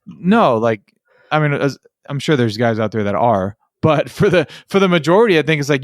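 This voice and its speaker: Male podcast host, mid pitch, talks casually and acts out customers, dry close mic. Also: moderate pace, dry recording. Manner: animated, acts out customers and technicians. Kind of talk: casual interview chat.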